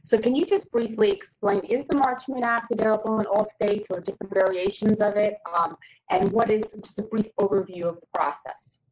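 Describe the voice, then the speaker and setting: A woman's voice: medium pitch, steady tone, darkish tone, slight background noise. Hesitant woman host on a muffled call. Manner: questioning, halting, many fillers. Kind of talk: remote panel discussion. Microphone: video call.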